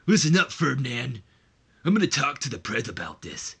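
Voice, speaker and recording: A man putting on the voice of a loud, angry male wrestler who rants belligerently during a let's play. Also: medium pitch, big pitch swings, normal speed, gravelly, breathy edge, heavily acted. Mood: ranting. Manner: shouting, belligerent rant.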